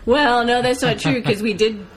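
Animated American woman telling stories. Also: a little high, moderate pace. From United States. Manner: animated storytelling, swears freely. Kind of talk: casual chat.

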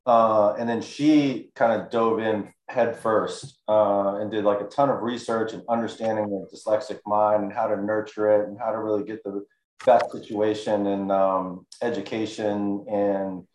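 Male panel guest, deep-ish, halting storytelling, roomy echo. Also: little pitch movement, a little mellow. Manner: reflective, hesitant, many fillers. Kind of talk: personal story in panel talk. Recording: echoey room.

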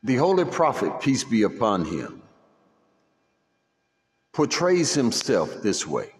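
A man hosting a podcast who opens with a solemn recitation and reads aloud in a measured way. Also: fairly low pitch, wildly swooping pitch, long reverb tail. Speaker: podcast host. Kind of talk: religious recitation and podcast talk.

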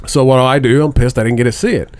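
A man's voice: medium pitch, fairly even intonation, racing, dry recording. Profane, rambling male storyteller. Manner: profane, rambling storyteller who laughs often. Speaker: podcast co-host. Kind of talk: casual chat.

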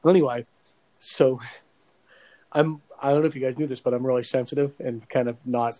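Heard on a low-quality recording, a 40-something man talks briskly at medium pitch in casual podcast conversation. He tells lively stories laced with profanity and laughs at his own jokes.

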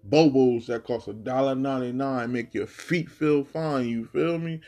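A man's voice: mid-range voice, fairly even intonation, moderate pace, darkish tone. A man from New Jersey talking in a casual monologue, ranting bluntly with heavy slang and a lot of repetition. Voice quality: gravelly, husky.

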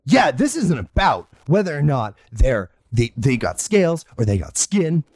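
A man's voice: mid-range voice, big pitch swings, unhurried, no echo, voice pushed up. A man voicing a mocking, bullying male survivor in a tabletop game, scoffing and snapping. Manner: scoffing, then shouting in pain.

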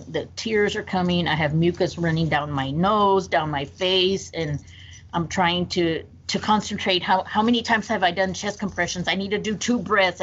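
A woman with a fairly low voice recounts a personal story as a podcast guest. She tells it earnestly and in close detail, sometimes restarting a phrase. The recording is slightly muffled, with a faint hiss underneath.

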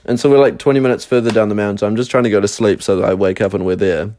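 A man's voice: fairly low pitch, steady tone, very fast, mellow, slight background noise. A young man casually telling a rambling personal story, full of fillers and swearing. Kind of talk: casual chat.

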